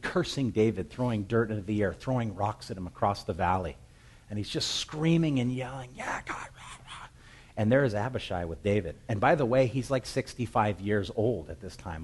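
A man delivers a sermon in a fairly low voice, telling the story in plain, lively talk. He jumps into the characters' voices, sometimes shouting their calls from a distance. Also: husky. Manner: acts out scripture voices, shouting the calls across the hills. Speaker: preacher.

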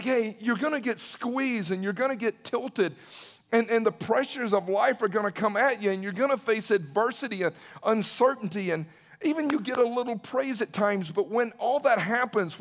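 Fervent high-voiced male preacher. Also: moderate pace. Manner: fervent, repetitive, builds to emphatic near-shouting. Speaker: pastor. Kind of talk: impassioned preaching talk.

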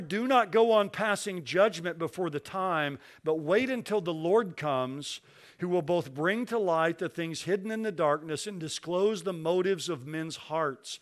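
A man preaching a sermon, who slows down and leans on key phrases as he reads scripture aloud. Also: fairly high pitch. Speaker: pastor.

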